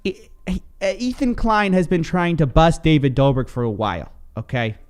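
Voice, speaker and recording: A man co-hosting a podcast in casual chat, teasing and animated. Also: on the high side, normal speed. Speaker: podcast co-host.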